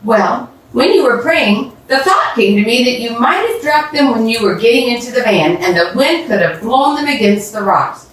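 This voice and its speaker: A woman voicing a kind adult neighbor who speaks gently and encouragingly, recorded in an echoey room from a distance. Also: on the high side, animated, moderate pace, few pauses, pitched above the performer's own voice, close to an everyday voice. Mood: thoughtful. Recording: roomy echo from a distance.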